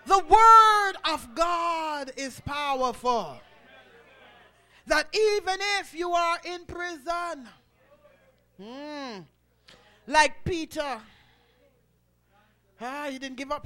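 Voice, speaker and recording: A man preaching a sermon, swelling into shouted, rhythmic phrases punctuated by "uh" and calling on the congregation to respond. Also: very high voice, takes it slowly, pauses often.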